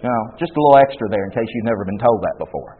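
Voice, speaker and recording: A man preaching a sermon, talking in a conversational way and reading scripture aloud, moving from quiet asides to loud, fervent bursts. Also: on the low side, expressive, rapid-fire, narrow, tinny audio, a little hiss or hum. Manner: reads scripture aloud and then explains it.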